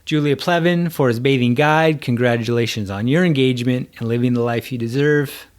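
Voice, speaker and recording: Relaxed man hosting a podcast. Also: medium pitch, brisk. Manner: relaxed, laughing, loosely phrased. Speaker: podcast host. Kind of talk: casual interview chat and outro.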